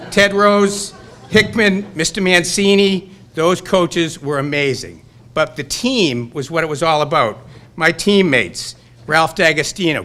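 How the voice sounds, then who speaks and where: Older man with a Boston accent, bright and lively. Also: fairly high pitch. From Burlington, Massachusetts. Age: 60s. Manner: rambling, nostalgic, fired-up storytelling. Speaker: hall of fame inductee. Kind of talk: acceptance speech. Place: banquet hall.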